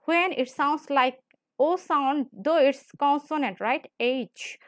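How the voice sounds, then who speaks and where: High-pitched female grammar teacher, repetitive lecture delivery, dry recording. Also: dry recording. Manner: repetitive, explains slowly with frequent "right?". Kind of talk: classroom lecture.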